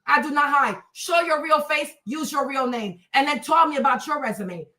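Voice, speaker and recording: A woman in her thirties hosting a livestream, ranting at her chat in a combative, profane, mocking way with loud, emphatic repetition. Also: high voice, normal speed. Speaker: livestream host.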